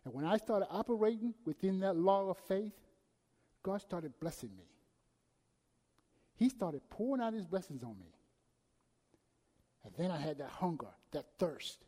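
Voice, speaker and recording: A man delivering a sermon in a fairly high but mellow voice. He swings from loud, urgent emphasis down to near-hushed passages. A long reverb trails each phrase. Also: very animated, unhurried, pauses often, breathy edge. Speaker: preacher.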